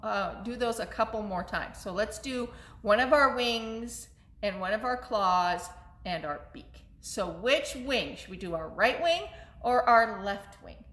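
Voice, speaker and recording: A woman's voice: a little high, pushed and bright. A woman in her thirties, a children's librarian leading story time, cheerful and coaxing with young children. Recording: echoey room.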